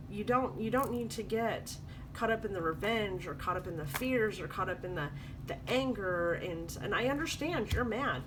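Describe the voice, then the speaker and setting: A woman's voice: lowish voice, noisy background. A woman doing a spoken tarot reading, coaching viewers in an earnest, repetitive way. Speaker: tarot reader.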